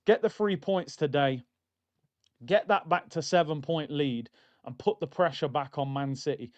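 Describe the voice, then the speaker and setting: A man's voice: on the high side, normal speed. A man hosting a football watchalong stream, chatting in a casual, opinionated and slangy way and addressing his viewers as "people". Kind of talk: casual fan chat.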